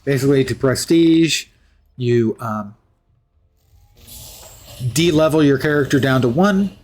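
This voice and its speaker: A man's voice: medium pitch, a little slow, a little mellow, slight background noise. A man live-streaming a game, chatting in a rambling, self-deprecating way. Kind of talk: live gameplay commentary.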